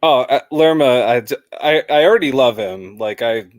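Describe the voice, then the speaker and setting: A man's voice: mid-range voice, normal speed, no echo. Chatty man, dry close sound. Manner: chatty, rambling with many fillers. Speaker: guest football fan. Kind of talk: casual match discussion.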